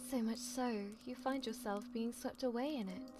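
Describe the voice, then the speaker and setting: A woman's voice: fairly high pitch, fairly even intonation, moderate pace, music in the background. A woman streamer reading a visual novel aloud and chatting playfully with her viewers. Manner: playful, giggly asides to chat.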